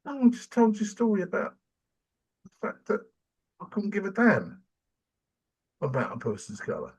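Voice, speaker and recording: An older man from England, chatting casually as a podcast host and telling animated stories. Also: sits high, normal speed, slightly rough. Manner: animated storyteller, acts out quoted voices. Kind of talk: casual chat.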